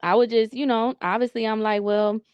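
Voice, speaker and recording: A woman's voice: on the high side, steady tone, brisk, darkish tone, clear, resonant tone, dry recording, highs cut off. Laughing woman in a dry-sounding recording. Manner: laughing, acts out phone calls, swears. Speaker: podcast co-host. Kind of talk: casual gossip chat.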